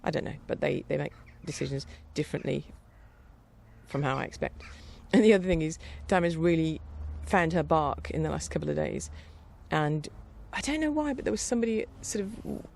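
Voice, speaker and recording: A middle-aged woman chatting casually in a rambling, warm-hearted way, with fillers and light laughter. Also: deep voice, expressive, brisk, creaky, a little hiss or hum. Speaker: vlogger. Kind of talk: casual chat.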